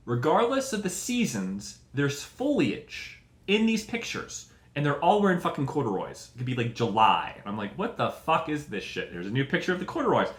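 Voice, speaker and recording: Male host, crude comic rant, big swings in pitch, echoey room. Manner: profane, animated, mock voices. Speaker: show host. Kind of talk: comedic rant.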